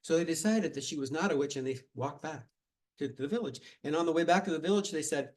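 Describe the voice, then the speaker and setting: A man telling a tall tale at a live storytelling contest, speaking in an animated, dramatic way. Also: on the high side, fast talker, rough recording.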